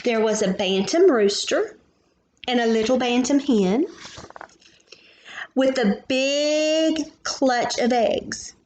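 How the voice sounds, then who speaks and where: Slow, gentle woman reading a picture book. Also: on the high side, animated, a little hiss or hum. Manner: gentle and slow, asking children questions and pointing at pictures. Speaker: preschool teacher reading aloud. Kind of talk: picture-book read-aloud for young children.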